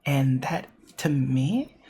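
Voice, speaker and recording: Gravelly, animated game critic. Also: mid-range voice, takes it slowly, a little hiss or hum. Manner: emphatic, repeats points for stress; self-correcting, with filler words. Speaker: VTuber game commentator. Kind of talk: opinionated game critique monologue.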